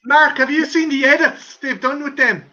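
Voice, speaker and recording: Casual male co-host, bright high voice, profane storyteller, lo-fi stream sound. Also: steady tone, moderate pace. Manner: swears freely, tells gory anecdotes with laughter. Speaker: podcast co-host. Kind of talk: casual chat. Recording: dull lo-fi stream audio.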